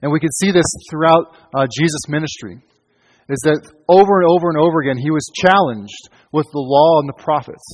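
A man's voice: on the high side, fairly quick. A man preaching a sermon in an earnest way, restarting phrases often as he retells scripture. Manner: earnest, with frequent restarts and quoted lines. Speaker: pastor. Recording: long hall reverb.

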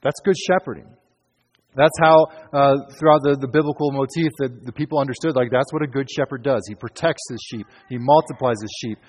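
Male pastor, husky voice, conversational emphatic sermon, long hall echo. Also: medium pitch, a little fast, darkish tone. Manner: conversational, emphatic preaching with fillers.

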